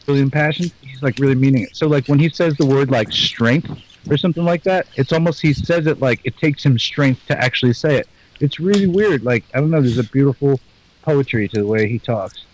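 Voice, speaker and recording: A man's voice: medium pitch, darkish tone, a little hiss or hum, low-quality recording. A man chatting casually as a co-host, rambling and repeating himself with lots of fillers. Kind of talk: casual chat.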